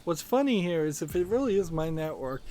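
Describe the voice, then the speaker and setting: A man's voice: a little high, very animated, a little fast, warm tone. Man musing through a gaming session. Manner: rambling, thinking aloud with many fillers. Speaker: let's-play host. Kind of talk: casual gaming commentary. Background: game music.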